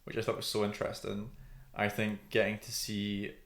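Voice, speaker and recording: A man's voice: fairly low pitch, completely flat delivery, moderate pace, gravelly. A man co-hosting a podcast, chatting casually about TV and thinking aloud with many ums. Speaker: podcast co-host. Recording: roomy echo.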